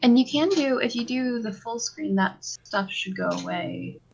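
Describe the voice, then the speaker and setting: Friendly gal dev on a stream, laughs a lot, gravelly fry. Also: female voice, a little high, huge pitch swings, unhurried, a little mellow, lo-fi sound. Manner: friendly, laughs easily, helpful. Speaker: game developer guest. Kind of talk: casual interview chat.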